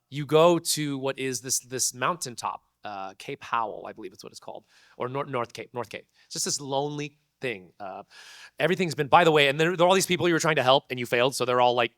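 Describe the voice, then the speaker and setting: A man, a convention panel guest, telling a story to an audience in an animated, laughing way full of slang. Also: mid-range voice, no echo, studio quality.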